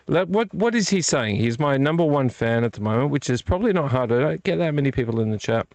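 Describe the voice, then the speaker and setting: A man's voice: on the high side, animated, fast, hardly any pauses, a little mellow, no room sound. A middle-aged man hosting a casual late-night live vlog, tired and yawning, rambling and correcting himself as he chats with viewers at his desk microphone. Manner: rambling, self-correcting, chatty with live chat. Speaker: vlog host. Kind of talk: casual live-stream chat. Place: home collection room.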